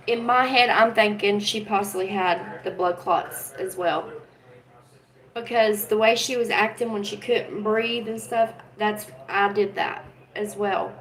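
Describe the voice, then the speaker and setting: A woman hosts a relaxed livestream from home, speaking earnestly and emotionally to her viewers. Her voice sits a little high, and she addresses the chat directly. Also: rough recording. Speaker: livestream host.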